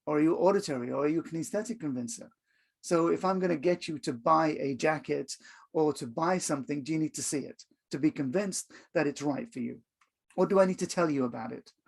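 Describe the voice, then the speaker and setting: Male course instructor, slightly high voice with a gravelly edge, chatty teaching delivery full of fillers. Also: a little fast. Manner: conversational, with many fillers and acted-out examples. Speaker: HR communication coach. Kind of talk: online course video lesson.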